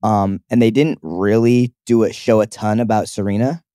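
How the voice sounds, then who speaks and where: A man's voice: fairly low pitch, steady tone, normal speed, warm tone, no room sound, clean studio sound. A young man co-hosting a casual chat show, rambling with lots of fillers and restarts. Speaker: podcast co-host.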